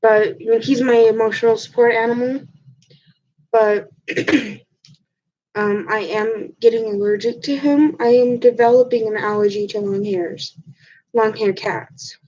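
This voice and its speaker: A woman vlogger talks casually to her viewers, her voice pitched a little high and audibly husky. She sounds stuffed up from an allergy and rambles through ums and restarts. The recording is dull and lo-fi. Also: steady tone, unhurried, warm tone. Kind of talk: casual chat to camera.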